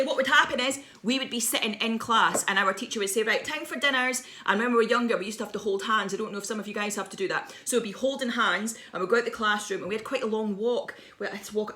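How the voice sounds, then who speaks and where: A woman's voice: medium pitch, pushed and bright. A woman in her thirties, a visiting children's author, telling a playful, dramatic story to schoolchildren over a video message.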